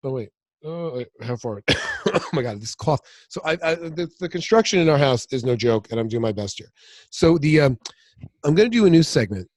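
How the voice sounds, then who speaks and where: A man's voice: mid-range voice, expressive, fairly quick, no room sound. A middle-aged man co-hosting a podcast, rambling through family stories and acting out what people said. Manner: rambling storyteller, acts out family quotes. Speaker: podcast co-host. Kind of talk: casual chat.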